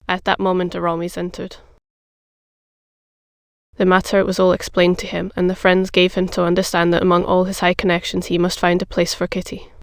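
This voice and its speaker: Flat, gravelly audiobook narrator. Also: mid-range voice, normal speed, no echo, studio quality. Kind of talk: scripted narration of a classic novel.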